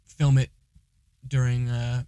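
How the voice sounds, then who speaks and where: A man's voice: medium pitch, level tone, slow, mellow, clean tone, dry recording. Easygoing man joking on a podcast. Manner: joking, self-deprecating. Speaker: podcast co-host. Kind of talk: casual chat.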